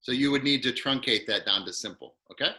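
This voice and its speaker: A man teaching an online acting class, quickly and encouragingly walking a student through numbered steps over a video call. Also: medium pitch, bright, forceful tone. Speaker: acting coach.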